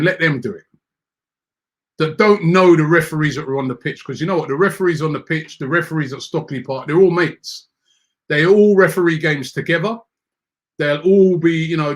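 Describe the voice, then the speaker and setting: A man hosts a football fan show and reads out viewer comments. He rants in an animated, exasperated way, stumbling over repeated words as he gets worked up. His voice sits a little higher than most men's. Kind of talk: animated casual rant.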